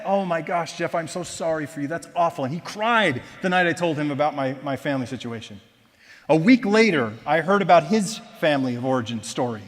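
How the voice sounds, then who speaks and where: In a church auditorium, a man with a somewhat high voice gives his personal testimony casually and with self-deprecating humor. He shifts between lively storytelling and quiet reflection, and a long reverb from the big hall trails each phrase.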